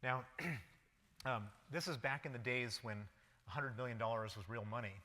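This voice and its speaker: A man's voice: medium pitch, normal speed, sharp tone. A man giving a public lecture, recounting a personal story vividly in the present tense. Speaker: guest lecturer. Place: lecture hall. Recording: long reverb of a lecture hall.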